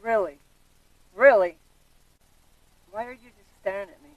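A woman's voice: mid-range voice, moderate pace, no room sound, distant mic, dull audio. A woman who is a passer-by, talking in an indignant way and cursing.

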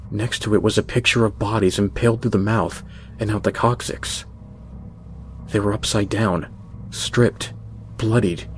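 A man's voice: lowish voice, darkish tone, a little hiss or hum. Man reading a creepy story. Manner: measured, tense narration. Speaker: narrator. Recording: music bed under voice.

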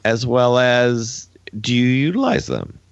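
A man's voice: mid-range voice, expressive, slow pace, vocal fry, dry recording, dull audio. A man co-hosting a casual podcast, asking listeners meandering questions padded with fillers.

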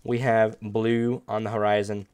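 A man hosting a gaming video, chatting casually and upbeat while he plays, with sudden loud outbursts and playful groans. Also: fairly low pitch, flat delivery, unhurried, clean tone, dry recording. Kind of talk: casual gameplay commentary.

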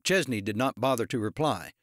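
Male audiobook narrator, even delivery, medium pitch, dry sound. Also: a little fast, dry recording. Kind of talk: scripted narration.

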